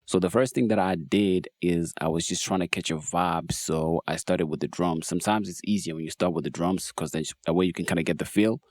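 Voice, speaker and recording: A man casually walking through how he built a beat, in a laid-back, relaxed way, as host of a production tutorial. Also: low voice, brisk, hardly any pauses, no room sound. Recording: faint music behind voice. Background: beat playback.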